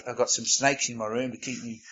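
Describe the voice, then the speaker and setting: A man's voice: mid-range voice, little pitch movement, a little fast, fairly bright tone, husky, muffled recording. A man preaching a sermon in a conversational way, reading scripture and adding casual asides. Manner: conversational, reads scripture aloud, self-aware asides.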